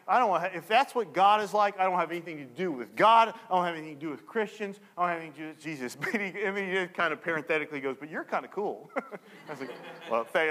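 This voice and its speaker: Animated male pastor in a reverberant hall. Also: high voice. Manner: animated storyteller acting out dialogue. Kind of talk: sermon with storytelling.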